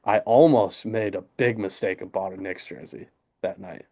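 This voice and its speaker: Young new dude, kinda low voice, rambling about basketball on a podcast, lots of ums. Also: male voice, moderate pace, mellow, lo-fi sound. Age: young adult. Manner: easygoing, rambling with fillers and restarts. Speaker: podcast co-host. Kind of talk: casual sports chat.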